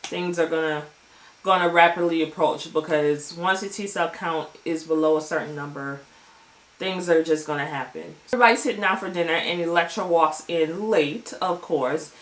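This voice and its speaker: Profane, animated woman recapping an episode. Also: low-pitched, moderate pace, roomy sound. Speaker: TV show reviewer. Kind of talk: casual episode recap vlog.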